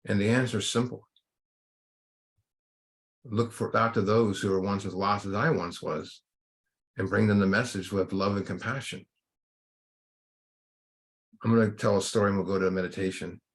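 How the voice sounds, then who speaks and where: A man giving an earnest recovery-workshop talk and leading a guided meditation, slow and reflective. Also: lowish voice, fairly even intonation.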